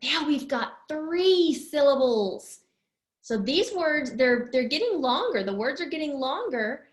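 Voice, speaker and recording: A woman's voice: sits high, very animated, reverberant. A woman teaching young children in a patient, sing-song way, drawing out each word as she claps it. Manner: patient, sing-song, drawn-out clapped words. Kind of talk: slow, clear lesson for young children.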